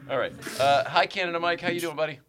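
A man's voice: on the high side, steady tone, fast. A man hosting a casual live-stream chat, rambling and laughing, with many fillers and restarts. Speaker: show host.

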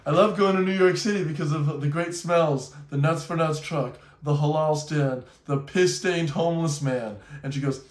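A man's voice: on the high side, normal speed, few pauses, roomy sound, distant mic. A young man co-hosting a podcast, telling stories animatedly and laughing often. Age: young adult. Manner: animated storyteller, laughs a lot. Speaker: podcast co-host. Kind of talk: casual chat, storytelling.

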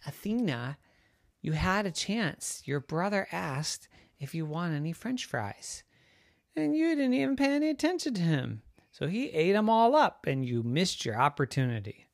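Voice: medium pitch, sing-song, normal speed, no room sound, studio quality, voice pushed up. A storyteller voicing a father who patiently explains to his daughter that she missed her chance. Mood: explaining. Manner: reasoning, instructive. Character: calm advising father.

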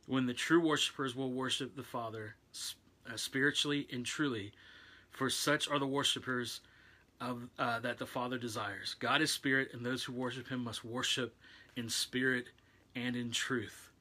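Scripture reading: calm, measured male teacher, read by a man, bright timbre. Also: mid-range voice. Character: calm male teacher, Jesus, speaking plainly.

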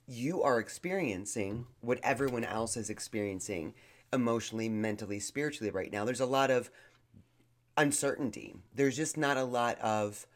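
A man's voice: medium pitch, moderate pace. A man co-hosting a podcast, giving blunt, sarcastic mock-therapy in a rambling way. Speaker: podcast co-host. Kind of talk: casual mock-therapy chat.

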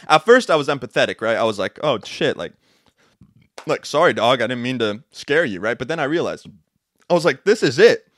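A young man hosting a podcast, giving an intense, profane motivational monologue with bursts of shouting. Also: fairly high pitch, dry recording, studio quality. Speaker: podcast host. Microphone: two cameras, podcast mic.

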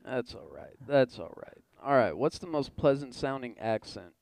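A man's voice: medium pitch, lively intonation, normal speed, gravelly, darkish tone, no echo. A young man co-hosting a podcast, chatting casually in a loose, profane way full of fillers. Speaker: podcast co-host. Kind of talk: casual chat.

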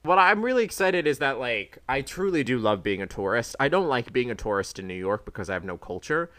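A man's voice: mid-range voice, fairly quick. A young man co-hosting a podcast, chatting casually and acting out quoted reactions as he tells stories. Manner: animated storytelling with lots of fillers. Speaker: podcast co-host. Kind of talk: casual chat.

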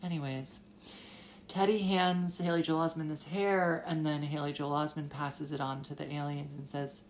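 A young woman hosting a solo casual talk, halting and filler-heavy, and tearful as she talks. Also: deep voice, level tone, slight background noise. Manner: halting, with many fillers and restarts. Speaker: podcast host.

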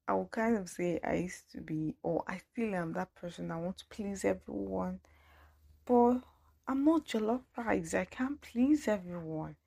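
A woman's voice: on the low side, gravelly, darkish tone. A young Nigerian woman with a Nigerian accent, chatting playfully and laughing often as she reacts to replies. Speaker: podcast host. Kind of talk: casual chat.

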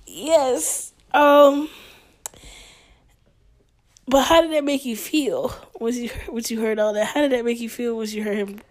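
A woman's voice: a little high, unhurried, long pauses. A young adult woman in a casual chat, who rambles, hesitates and leans on fillers as she tells her own stories and asks questions. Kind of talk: casual conversation.

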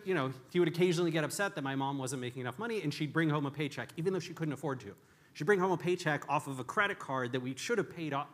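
A man's voice: on the high side, quick pace, a bit bright. A man giving a candid, storytelling conference talk with frequent restarts and self-deprecating humor. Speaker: conference speaker.

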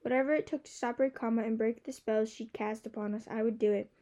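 Female audiobook narrator, slightly high and soft-toned, steady and expressive first-person reading. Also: quick pace.

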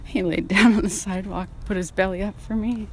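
Medium-pitched, with a noisy background, a woman painter talks as she walks outside for a casual vlog. She's frank and a little breathless, sighing and tossing in casual swears.

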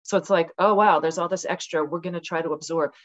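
A woman's voice: lowish voice, fast, highs cut off. A woman in her sixties, a podcast guest on a video call, talking passionately and acting out quotes as she tells stories. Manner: passionate, animated storytelling with dramatic acted-out quotes. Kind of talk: casual conversational interview. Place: rural home with dogs.

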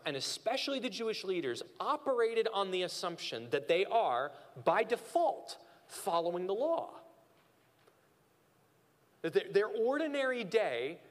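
A male pastor preaching a sermon and acting out quoted voices in an animated way. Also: high-pitched, big-room sound.

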